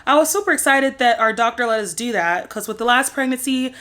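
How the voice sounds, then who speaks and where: A woman's voice: fairly high pitch, fairly quick, a bit bright. A young woman chatting casually to camera at home, rambling with lots of fillers. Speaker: vlogger sharing pregnancy updates. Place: at home in her bedroom.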